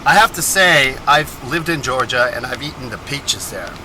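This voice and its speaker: A man's voice: mid-range voice, lively intonation, moderate pace. Texas guy rambling on his travel vlog from the car, corrects himself a lot, faint road noise behind. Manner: chatty, digressive, self-correcting. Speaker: vlogger.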